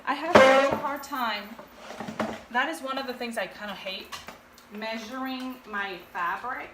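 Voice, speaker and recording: A woman's voice: high voice, noisy background. A woman hosting a casual sewing tutorial, chatting and thinking aloud with self-deprecating asides. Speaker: sewing video host.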